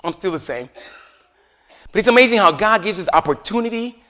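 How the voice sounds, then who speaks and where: Chatty preacher from Puerto Rico. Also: male voice, high-pitched, animated, a little fast, pauses often, pushed and bright. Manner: chatty, asks the congregation rhetorical questions, chuckles often. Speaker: pastor. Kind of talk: conversational sermon.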